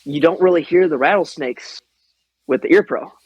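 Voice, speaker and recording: A man's voice: a little high, normal speed, husky, dry recording, lo-fi sound. Swearing, storytelling man on a podcast. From American Midwest. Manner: swears freely, animated anecdotes, laughs often. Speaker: podcast guest, airsofter. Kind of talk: casual storytelling chat.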